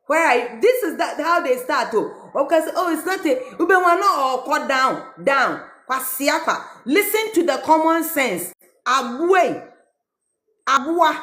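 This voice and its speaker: A woman's voice: high voice, fairly bright tone. Mocking Ghanaian woman ranting, echoey room. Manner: mocking, switching between English and Twi, reading a letter aloud. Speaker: social media commentator. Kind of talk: casual reaction rant.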